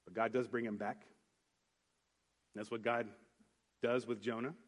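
A man's voice: medium pitch, a little slow. A man preaching a sermon, telling a personal story in an earnest, conversational way with many restarts. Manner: earnest storytelling, rising into animated retelling with acted voices. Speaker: pastor.

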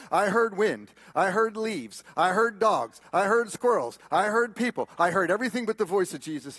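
High-voiced preacher, loud then hushed. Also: male voice, lively intonation, fairly quick, hardly any pauses, breathy edge, dry recording. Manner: swings from loud emphatic peaks to hushed quiet tones. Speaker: pastor. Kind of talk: sermon.

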